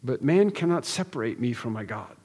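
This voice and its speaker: A man's voice: mid-range voice, lively intonation, brisk, a little mellow, long reverb tail. A man preaching an expository sermon, earnest and emphatic, building through repeated phrases with frequent restarts. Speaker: pastor.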